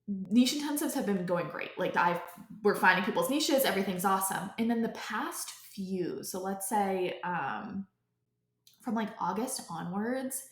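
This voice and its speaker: A young woman hosting a podcast tells a personal story off the cuff in a middle-pitched voice. She rambles, piling up filler "likes" and restarting sentences, and the room around her has a noticeable echo.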